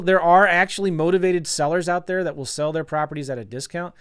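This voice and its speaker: A middle-aged man talking casually as a real estate coach, telling a story and acting out old conversations with a self-deprecating, animated manner. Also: a little high, fast, hardly any pauses, clean tone. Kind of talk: casual storytelling to an online audience.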